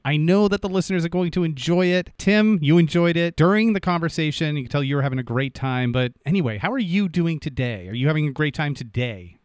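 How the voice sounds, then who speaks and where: A man's voice: on the high side, expressive, fast, few pauses, clean tone, no echo. A man co-hosting a podcast, chatting in an upbeat, playful way into a studio microphone. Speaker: podcast co-host. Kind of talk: casual podcast chat.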